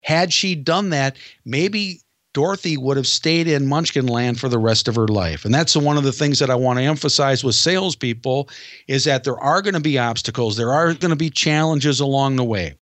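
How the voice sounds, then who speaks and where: A man who coaches salespeople retells a familiar film story step by step. He slows down to stress his points. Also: medium pitch, a bit bright, no room sound. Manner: dramatic retelling, slows for emphasis. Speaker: sales trainer guest.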